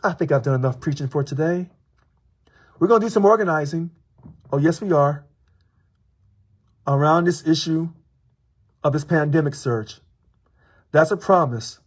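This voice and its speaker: Husky-voiced union president addressing the governor. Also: male voice, fairly high pitch. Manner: measured, preachy, repeats for emphasis. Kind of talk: direct-address video commentary.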